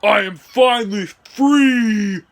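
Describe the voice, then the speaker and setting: Cackling hedgehog villain, evil and boastful, high-pitched, slow, drawn-out lines, voiced by a man. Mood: triumphant.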